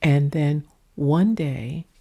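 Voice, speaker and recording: A woman vlogger talking low and soft at home, rambling through a story in a casual way, with a mic in front of her. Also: very slow. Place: indoors at home, under a ring light. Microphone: mic set up in front of her.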